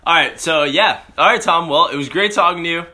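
A man hosts a loose, slangy chat with a strikingly bright, sharp voice. He talks in a relaxed way and laughs along with the others. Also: a little high, fairly quick. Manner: laid-back, laughing, slangy. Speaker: host. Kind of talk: casual podcast chat.

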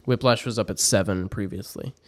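A man's voice: lowish voice, brisk, no echo, studio quality. A young man co-hosting a casual podcast, speaking in an easygoing way with lots of hesitant fillers. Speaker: podcast co-host. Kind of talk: casual chat.

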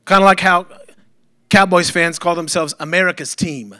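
A man delivers a Sunday sermon in a church with a high, bright voice. He preaches in a loose, conversational way, tossing rhetorical questions and light jokes to the congregation. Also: steady tone, normal speed. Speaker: pastor.

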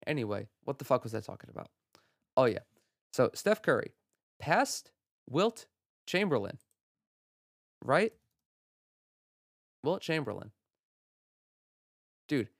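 A young man hosting a solo sports podcast from home, talking in an excitable, profane rant and laughing at his own jokes. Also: mid-range voice, gravelly, no echo, clean studio sound. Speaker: podcast host. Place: home room.

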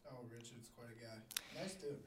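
A man's voice: mid-range voice, normal speed, a bit bright, distant mic. A man co-hosting a podcast in casual chat, laid-back, chiming in with short dry remarks. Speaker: podcast co-host. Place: podcast studio. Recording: roomy, off-mic with faint ambience.

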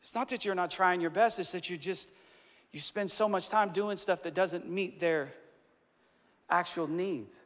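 A man in his forties preaching a sermon from a stage, telling stories in an animated, emphatic and self-deprecating way. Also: sits high, a little slow. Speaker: pastor. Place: stage in a large hall. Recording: reverberant hall.

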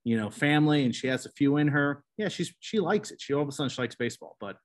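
A middle-aged man with a New Jersey accent, hosting a podcast in casual, animated chat with quick restarts. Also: on the high side. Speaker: podcast host.

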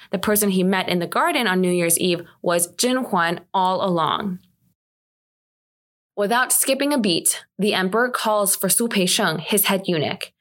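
A woman talking through a drama recap in a relaxed, chatty way. She drops in wry, sarcastic asides now and then, and her voice sits at an ordinary middle pitch. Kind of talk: casual recap commentary.

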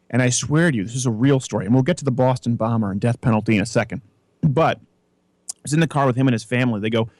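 Animated man hosting a comedy talk show. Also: medium pitch, dry recording, studio quality. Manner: animated storyteller, mimics voices in anecdotes. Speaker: podcast host.

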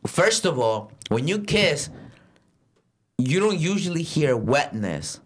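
A young man telling a story in a casual, profane chat, swinging into loud acted-out quotes. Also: fairly high pitch, sing-song, slow. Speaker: podcast co-host and rideshare driver.

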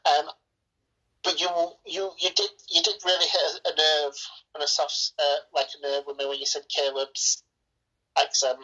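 A woman's voice: deep voice, level tone, moderate pace, bright, forceful tone, breathy edge, rough recording. An Englishwoman chatting bluntly and enthusiastically about a film, swearing freely. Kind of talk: casual film review chat.

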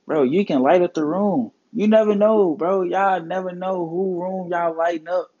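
A man's voice: high voice, normal speed, mellow, muffled recording. A man hosting his own podcast, talking earnestly and casually about life and mental health, with plenty of swearing and slang. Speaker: podcast host. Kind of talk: casual motivational talk.

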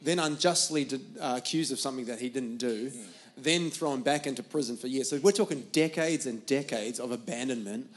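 A man's voice: medium pitch, a little fast. A man hosting a church panel Q&A, chatty and enthusiastic, laughing often. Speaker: church host.

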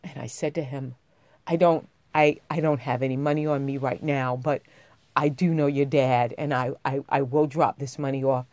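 A woman's voice: a bass voice, steady tone, normal speed, a little mellow, no echo. A woman vlogging, telling a personal story in a heartfelt, rambling way with many restarts, getting emotional as she talks.

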